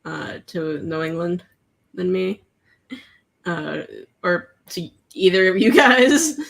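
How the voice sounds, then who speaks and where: A woman's voice: lowish voice, lively intonation, takes it slowly, creaky, a bit bright. A woman from Canada chatting casually on a video call, rambling and trailing off between thoughts. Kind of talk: casual group chat on a call.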